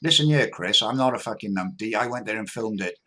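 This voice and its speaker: A man hosts a casual livestream and reads viewer comments aloud. He talks in a relaxed way, often restarts his sentences, and calls people "mate". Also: on the low side, brisk. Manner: laid-back, stumbling restarts, says "mate". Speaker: livestream host.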